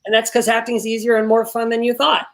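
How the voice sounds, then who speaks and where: Animated man coaching actors over a video call. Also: very high voice, quick pace, vocal fry. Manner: animated, swears casually, repeats words when excited. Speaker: acting teacher. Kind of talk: coaching an actor in an online workshop.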